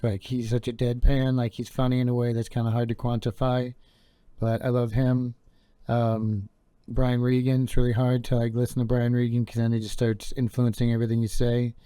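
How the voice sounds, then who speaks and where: A young man hosting his own podcast, wandering from thought to thought in a relaxed, filler-heavy ramble. His voice is mellow and smooth, and the sound is dry and close. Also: mid-range voice, dry recording. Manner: laid-back, meandering, full of fillers. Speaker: podcast host. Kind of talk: rambling casual monologue.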